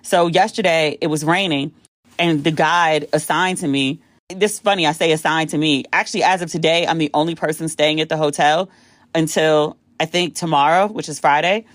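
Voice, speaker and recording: A woman from the United States hosting a podcast, telling a story casually and acting out the quotes with big jumps in pitch. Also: steady tone, moderate pace, dry recording. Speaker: podcast host.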